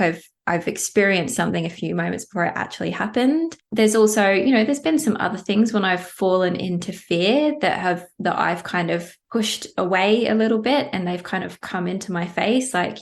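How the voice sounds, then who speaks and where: Woman, podcast guest, frank and down to earth, easygoing chat, slightly low voice. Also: vocal fry. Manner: candid, down-to-earth, swears casually. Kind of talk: casual conversation.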